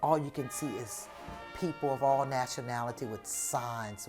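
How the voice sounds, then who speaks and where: A woman, telling her own story in an animated, informal way and acting out the dialogue. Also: rumbling low, normal speed, soft background music. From New Orleans, USA. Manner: animated, acts out the dialogue, informal Southern speech. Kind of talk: personal storytelling.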